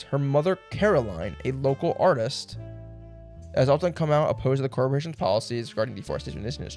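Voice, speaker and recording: A man's voice: mid-range voice, a little mellow. A young man streaming a puzzle game, thinking aloud in a rambling way and laughing now and then. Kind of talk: casual puzzle game livestream.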